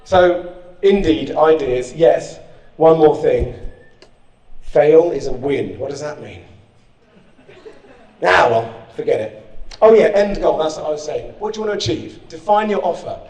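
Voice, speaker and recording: Male keynote speaker, rousing and direct, slightly high voice, recorded from across a reverberant hall. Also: unhurried, long pauses, recorded from a distance. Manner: energetic, rousing, direct to the audience. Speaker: conference speaker. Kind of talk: motivational speech. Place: conference hall. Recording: echoey hall, speaker off-mic.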